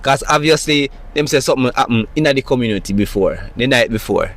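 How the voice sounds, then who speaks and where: A man's voice: mid-range voice, expressive, fairly quick, a bit bright, a little hiss or hum. A man with a Jamaican accent, speaking in an agitated, emphatic monologue full of rhetorical questions. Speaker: citizen recounting a police stop. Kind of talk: impassioned monologue.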